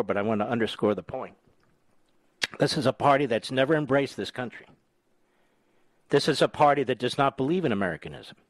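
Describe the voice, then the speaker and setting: An American radio host in his sixties delivers a combative, scornful political monologue, hammering points with emphatic repetition. His voice is mid-range, with no echo.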